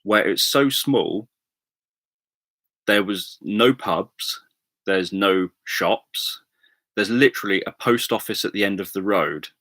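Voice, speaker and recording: A man chatting casually on a livestream, rambling with many pauses and self-corrections. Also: fairly low pitch, fairly bright tone, no room sound. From England. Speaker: livestream host. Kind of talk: casual chat with viewers.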